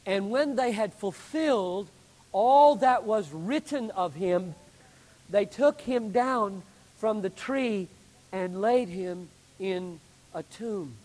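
A man pastor delivering a sermon with emphatic preaching, building to loud climaxes and then dropping low. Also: slow pace, in a large hall, poor audio.

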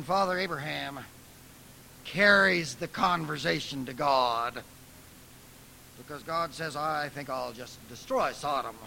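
Guy preaching, kinda high voice, gets soft then loud and dramatic. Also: creaky, slight background noise, poor audio. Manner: emphatic, swinging from soft asides to loud dramatic outbursts. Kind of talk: lecture-style preaching.

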